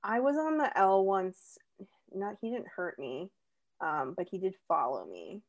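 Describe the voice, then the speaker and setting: A young woman in casual chat, telling stories in a chatty, animated way with lots of fillers. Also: mid-range voice, measured pace, muffled recording. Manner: chatty, animated storytelling with many "like"s.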